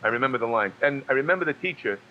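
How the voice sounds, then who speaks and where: Low-voiced man from New York, halting delivery. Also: lively intonation, highs cut off, a little hiss or hum. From New York, USA. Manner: halting, restarts with many fillers and repeated words. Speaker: guest, actor and singer. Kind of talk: casual storytelling interview.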